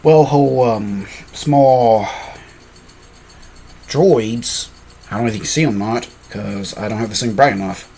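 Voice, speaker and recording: A man's voice: on the low side, a little slow, vocal fry, pauses often, warm tone, slight background noise. A man casually telling a fan-made story, rambling and often correcting himself with apologetic asides.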